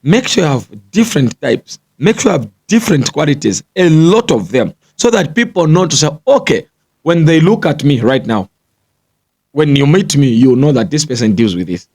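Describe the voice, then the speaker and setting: A man's voice: fairly high pitch, big pitch swings, moderate pace, darkish tone. Man giving a lecturing business pep talk. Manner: lecturing, repeats points, checks in with "you get the point?". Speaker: business coach. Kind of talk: motivational business talk to camera.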